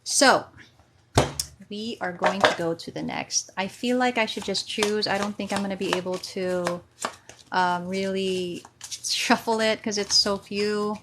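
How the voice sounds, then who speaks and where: A woman talks slowly and chattily as she reads tarot cards on a livestream, laughing often and making fun of herself. Her voice sits at an ordinary middle pitch. Loud clattering noise runs behind her the whole time. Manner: chatty, giggly, self-deprecating. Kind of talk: casual livestream chat.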